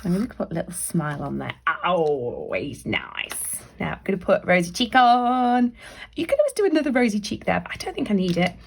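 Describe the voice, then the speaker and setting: A woman talks children through a drawing craft in a chatty, encouraging way. Her voice has a gravelly edge and a lively, bouncing pitch. Now and then she slips into a soft whisper. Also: a little fast. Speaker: library staff member leading a craft activity.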